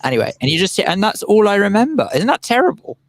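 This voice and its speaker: A man's voice: high voice, very animated, fast talker, a crowd in the background. A man co-hosting a casual radio chat show, wry and conversational.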